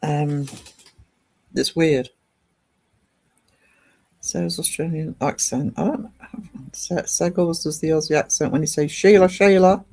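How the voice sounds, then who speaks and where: A woman's voice: deep voice, measured pace, pauses often, warm tone, breathy edge. A woman from northeast England chatting on a casual livestream, reading out viewer comments and rambling with lots of ums and restarts. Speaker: live streamer.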